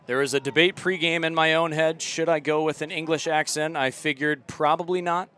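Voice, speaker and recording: A young man calling a live soccer match outdoors, relaxed and chatty, and loud on close chances. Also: on the high side, fairly quick, clear, resonant tone. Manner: relaxed chatty commentary, rising to loud excited calls. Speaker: play-by-play commentator. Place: outdoor stadium.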